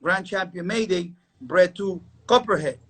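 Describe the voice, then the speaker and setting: A man hosting a live-stream chat as a dog breeder, telling stories in an emphatic, animated way. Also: high-pitched, unhurried, husky.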